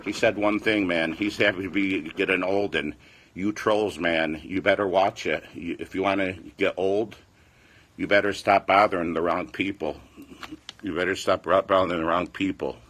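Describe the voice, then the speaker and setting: A man's voice: low-pitched, steady tone, moderate pace, a bit bright. A man in his forties, a fitness vlogger, chatting casually and rambling defensively, repeating himself. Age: 40s. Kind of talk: casual livestream chat.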